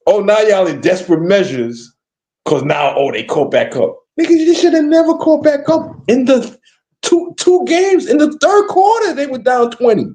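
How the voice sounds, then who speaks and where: A man hosting a podcast, talking about basketball in animated, profane casual banter with frequent restarts. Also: very high-pitched, normal speed. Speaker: podcast host.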